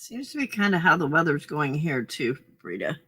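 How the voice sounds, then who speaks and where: A woman's voice: sits low, sing-song, normal speed, fairly bright tone, husky. A woman hosting a casual late-night crafting livestream from home, chatting to viewers and talking to herself as she works. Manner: chatty, talks to herself while working, greets viewers. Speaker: livestream host.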